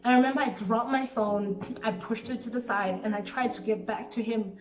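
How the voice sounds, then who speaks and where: A woman's voice: on the high side, steady tone, normal speed. A woman in her late twenties telling a painful personal story, reflective and grieving, with lots of "like". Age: late 20s. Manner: reflective, heavy use of "like", grieving. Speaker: vlogger. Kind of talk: emotional storytime monologue. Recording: roomy sound from a distant mic with background music.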